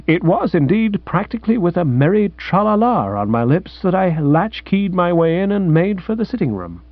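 Man lively comic audiobook narration. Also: sits high, moderate pace, no echo. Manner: lively, comic, mock-grand storytelling. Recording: dry, dull lo-fi recording.

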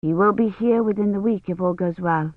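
A reader voicing a calm, composed medieval lady of the manor who speaks quietly and evenly. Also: mid-range voice, fairly quick, no echo, narrow, tinny audio, close to an everyday voice. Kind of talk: audiobook character voice.

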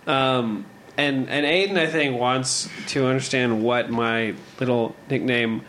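Male podcast host, halting delivery, faint room hiss. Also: medium pitch, fairly bright tone. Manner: hesitant, filler-heavy. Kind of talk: casual chat.

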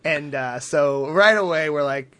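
In an unhurried, bright, forceful voice that's a little high, a man recaps a cartoon episode as a podcast co-host. He chats casually with frequent laughs, fillers, and performed quotes, over slight background noise.

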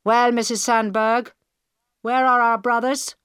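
A woman reading the part of a male hijacker speaking over a radio, slow, loud and menacing. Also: a little high, level tone, clear, resonant tone, no echo, clean studio sound, voice pushed up.

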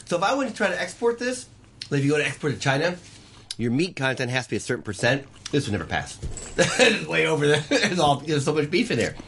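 A man's voice: on the high side, big pitch swings, quick pace, fairly bright tone, a little hiss or hum. A man chatting as a guest, talking through how he cooks with lots of restarts. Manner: enthusiastic, talks through recipes with many restarts. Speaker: pie shop owner guest. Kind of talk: casual chat.

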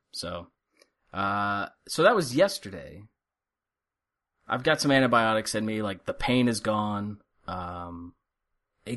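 A man's voice: on the low side, fairly bright tone. A middle-aged man on a podcast, telling a story in a dry, sarcastic way and acting out both sides of a conversation. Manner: wry, sarcastic storyteller acting out quoted dialogue. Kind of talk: casual storytelling chat. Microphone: headphones and studio mic.

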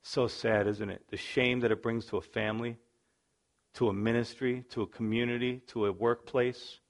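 A middle-aged man preaching a sermon in a voice of middling pitch. He tells the story with drama, acting out the people in it. His volume climbs to loud bursts and falls to quiet asides. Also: fairly even intonation, moderate pace. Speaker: pastor.

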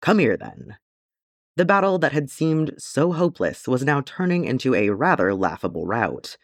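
Brief: male audiobook reader, expressive storyteller, animated delivery. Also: medium pitch, normal speed, no room sound, studio quality. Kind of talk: fan-fiction audiobook narration.

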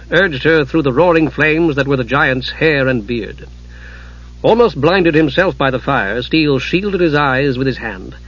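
Husky male audiobook narrator. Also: fairly high pitch. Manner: steady, dramatic storytelling. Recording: dull lo-fi audiobook recording.

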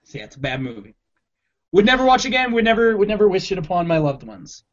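Podcast co-host, male, high and casual, says "dude" constantly, dull lo-fi recording. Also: sing-song, fast. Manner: laid-back, swears, says dude a lot. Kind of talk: casual chat.

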